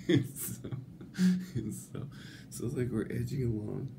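A man telling a rambling comic anecdote, swearing freely and breaking into laughter between halting phrases. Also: medium pitch, expressive, vocal fry, noisy background. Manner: laughs through his words, swears a lot; halting, many restarts. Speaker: storyteller.

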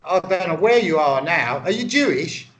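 A man's voice: fairly high pitch, expressive, normal speed, fairly bright tone. A man in casual comedic banter, swearing freely and playing along as podcast co-host. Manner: crude, swearing, playfully goes along.

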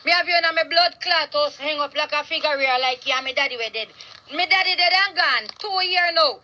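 A Jamaican woman ranting outdoors in a yard, loud, heated and full of curses, recorded on a phone. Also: high voice, brisk, low-quality recording. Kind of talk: angry street rant to camera.

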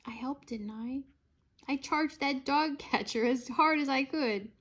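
A woman's voice: high-pitched, measured pace, fairly bright tone, pitched above the performer's own voice. A woman reading aloud, voicing a chatty, cheerful little girl. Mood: earnest.

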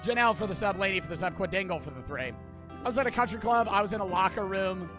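A young man streaming gameplay, crude and joking, cursing freely as he plays. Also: sits high. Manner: crude, joking, quick to curse and shout. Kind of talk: live gameplay commentary. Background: game music.

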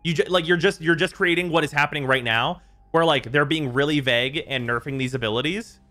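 A man's voice: a little high, fast talker, soft background music. A man hosting a gaming stream, ranting in casual chat with lots of swearing. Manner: exasperated, swearing, animated rants. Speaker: streamer host.

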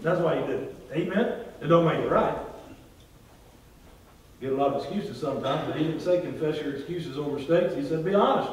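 Man, pastor preaching, high voice, heard from far off. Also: animated, a little fast, slight background noise. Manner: preaching with call-and-response, swings between loud and quiet. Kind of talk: sermon. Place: large church hall. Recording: very echoey church hall, from far off.

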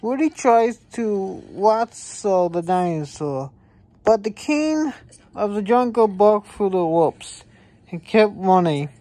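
A woman reading a children's picture book aloud, in a slow, halting way with small stumbles. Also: mid-range voice, expressive, warm tone, dry recording. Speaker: reader.

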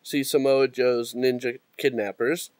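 A man's voice: medium pitch, fairly even intonation, unhurried, darkish tone, dry recording. A man co-hosting a casual podcast, making an argument point by point. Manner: argumentative, lists his points. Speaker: podcast co-host.

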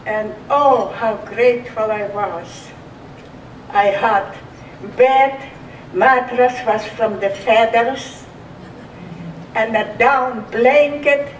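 This slightly high voice belongs to a Russian woman in her eighties, a survivor giving oral history in simple, broken, accented English. She talks very slowly and pauses often, recorded off-mic in an echoey room with a bit of background noise.

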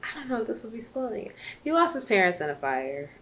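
A woman's voice: a little high, sing-song, fast, a bit bright, a little hiss or hum. A woman reviewing a book in casual chat, chatty and emotional, rambling with lots of fillers.

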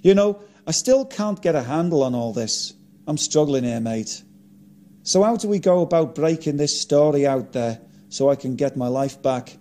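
Man reading a downbeat musician figure, dry self-mocking humour, slightly raised pitch. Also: normal speed, a little mellow, close to an everyday voice. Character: a resurrected famous musician, male, rueful and wry.

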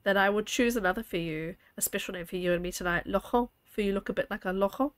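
A woman reading the lines of a gallant, charming Creole man in a story game, softly and flirtatiously. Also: medium pitch, fast talker, no echo, lightly acted.

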